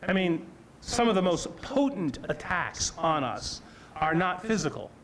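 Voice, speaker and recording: A man's voice: sits high, very animated, unhurried, a bit bright, a little hiss or hum. A man preaching a sermon, earnest and emphatic, often repeating and restarting his phrases.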